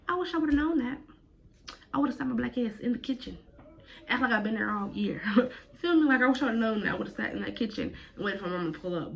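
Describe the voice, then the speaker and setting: Woman vlogger, casual storytime, slangy and profane, bright voice. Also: mid-range voice, dull audio. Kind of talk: storytime vlog.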